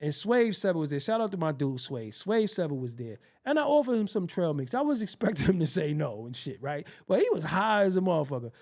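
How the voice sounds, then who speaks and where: Animated, gravelly-voiced man telling a profane story. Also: fairly high pitch, fairly quick, few pauses. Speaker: show host. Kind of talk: comedic storytelling rant.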